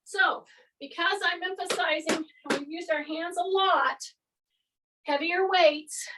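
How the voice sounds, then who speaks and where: A woman fitness instructor leading a guided workout class, giving steady coaching cues while exercising along. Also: extremely high pitch, slow pace, far from the mic, background noise.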